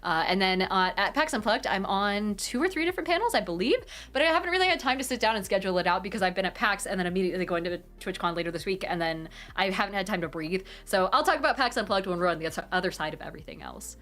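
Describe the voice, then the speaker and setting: A young woman from the Pacific Northwest, chatting casually on a live stream and reading viewer comments aloud. She is animated, swears freely, laughs often and rambles with restarts. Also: mid-range voice, fast talker, few pauses.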